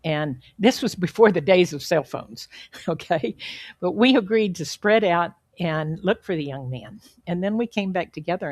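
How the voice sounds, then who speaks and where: A woman giving an inspirational sermon as a guest speaker, telling a story in an earnest, measured way with emphatic pauses. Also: lowish voice, dry recording. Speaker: guest speaker at a spiritual center.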